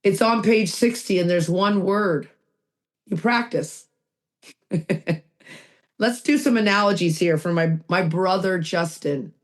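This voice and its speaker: A woman with a lowish voice speaks unhurriedly as co-host of a recovery podcast, heard through a video call mic. She talks emphatically and answers her own rhetorical questions.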